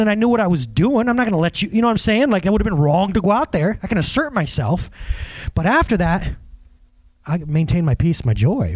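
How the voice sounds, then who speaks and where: A male preacher with a high, lively voice that swings all over as he tells stories from the pulpit. He talks in a casual, animated way, acts out the people in his tales and chuckles often. The sound is close and dry. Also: dry recording. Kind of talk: conversational sermon with personal stories.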